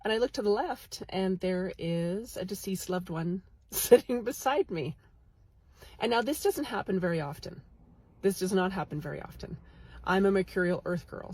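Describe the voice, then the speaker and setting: A psychic medium tells a story with animated energy in a casual vlog filmed in a medical lab waiting room. Her fairly low voice is a little husky and breathy. The phone is held close, so the sound is dry with no echo.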